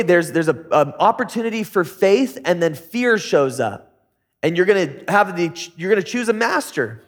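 A middle-aged man preaching a sermon as pastor, conversational with jokey asides. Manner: conversational, jokey asides with sudden high-pitched bursts.

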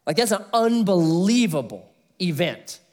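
Speaking a little slowly in a high-pitched voice, a middle-aged pastor works through an expository sermon. He animates his stories and chuckles at his own jokes along the way.

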